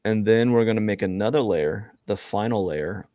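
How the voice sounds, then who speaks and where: A man's voice: on the low side, moderate pace, warm tone, no echo, lo-fi sound. A man chatting casually and rambling with lots of fillers while he live-streams a drawing session. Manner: rambling, filler-heavy, self-mocking.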